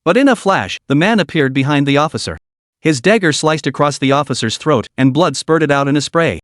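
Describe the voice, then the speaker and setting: Guy narrating a comic recap, bouncy pitch, a bit high, dry close sound. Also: expressive, brisk, dry recording. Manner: dramatic storytelling.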